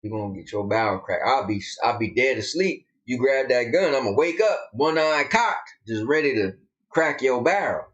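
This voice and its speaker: A man's voice: medium pitch, animated, normal speed, dull audio. A man with a Southern US accent co-hosting a casual live stream, drawling and emphatic as he tells a story. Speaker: co-host.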